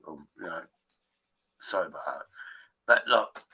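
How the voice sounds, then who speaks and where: Brief: male stream host with a low, punchy, strained voice; rambling and swears freely. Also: animated, measured pace, bright, forceful tone, breathy edge, low-quality recording. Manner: rambling and profane. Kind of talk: casual chat.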